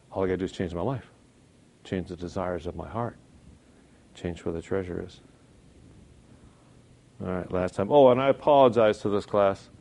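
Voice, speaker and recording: A man teaching a church Bible class in a conversational sermon, emphatic, asking rhetorical questions and swinging between loud stresses and quiet asides. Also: low voice, normal speed, vocal fry, long pauses, slight background noise.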